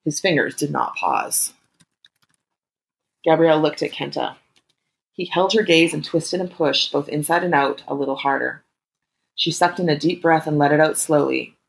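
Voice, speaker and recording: Gravelly woman narrating a story. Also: deep voice, poor audio. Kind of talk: scripted erotic story narration.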